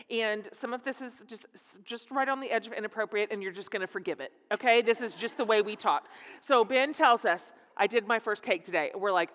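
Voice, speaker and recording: A middle-aged woman speaking as a guest speaker in a church, telling a humorous story in an animated, laughing, self-mocking way. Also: on the high side. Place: church sanctuary. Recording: echoey hall.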